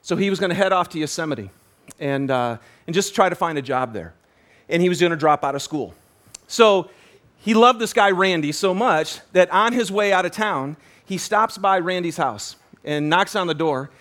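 A man preaching a sermon as pastor, telling a story with animated energy, often restarting and repeating words. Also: high-pitched, normal speed.

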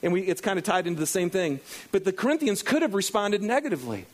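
A middle-aged man preaching a sermon to a congregation, animated and acting out his own inner dialogue. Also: sits high, quick pace. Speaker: pastor. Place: in front of a congregation.

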